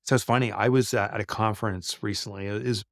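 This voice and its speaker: A man's voice: lowish voice, steady tone, fast talker, gravelly, a bit bright, dry recording, clean studio sound. A middle-aged man answering interview questions in a chatty way, often with fillers and restarts. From United States. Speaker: guest, business author.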